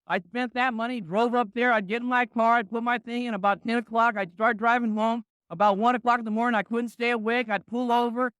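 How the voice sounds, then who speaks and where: A man's voice: extremely high pitch, fairly even intonation, fairly quick, few pauses, fairly bright tone, clear, resonant tone, no echo. A man in his sixties giving a blunt, punchy motivational talk to a business crowd, often tossing in "right?".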